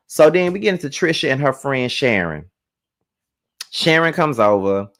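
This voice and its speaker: A man's voice: medium pitch, fairly bright tone. A man giving a live reality TV recap, ranting to his viewers with lots of profanity. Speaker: TV show reviewer.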